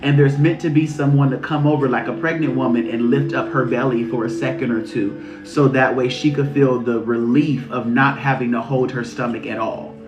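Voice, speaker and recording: A man's voice: mid-range voice, fairly even intonation, normal speed, few pauses. A man giving a casual spiritual reading on a live stream. He talks loosely and profanely, repeats phrases and often breaks into laughter. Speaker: intuitive reader channeling messages. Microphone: phone during a live stream. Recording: roomy, slightly muffled stream audio with faint music.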